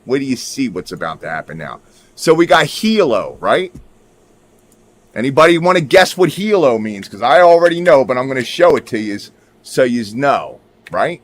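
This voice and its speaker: A man's voice: mid-range voice, very animated, normal speed, slight background noise. A man giving casual commentary while showing his screen; he talks emphatically, swears now and then, and keeps checking in with his viewers. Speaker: video creator.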